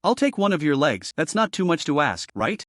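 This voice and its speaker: A man voicing a stern, measured male skeleton boss in a story recap. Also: fairly high pitch, sing-song, a bit bright, no echo, clean studio sound.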